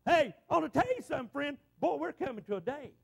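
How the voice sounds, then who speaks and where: A man's voice: extremely high pitch, expressive, fast, creaky. A middle-aged man preaching a folksy, exclamatory sermon to his church congregation, often repeating himself. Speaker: pastor. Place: church sanctuary.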